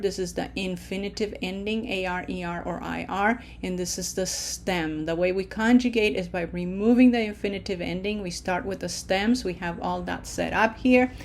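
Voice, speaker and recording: A woman teaching a language lesson over slides, patient and deliberate, checking in often and stretching out her vowels when she models words. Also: mid-range voice, a little mellow, slight background noise. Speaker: Spanish teacher.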